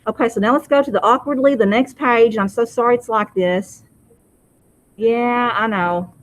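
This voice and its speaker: A woman teaching a high school vocabulary lesson in a classroom, having students repeat each word. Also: normal speed, poor audio. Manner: drills pronunciation, asks class to repeat words.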